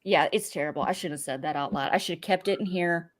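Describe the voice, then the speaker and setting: A woman in her forties hosting a casual recap podcast, animated and quick to laugh as she spins theories aloud. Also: on the low side. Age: 40s. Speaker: podcast host.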